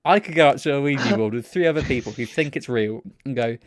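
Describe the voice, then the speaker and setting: A young Englishman tells a story on his podcast, swearing freely and breaking into mocking impressions. His voice sits in a middle pitch. The recording is close and dry, with no room sound. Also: fairly quick, few pauses, no room sound. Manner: sweary, animated storyteller mimicking people. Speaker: podcast co-host. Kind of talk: casual storytelling chat.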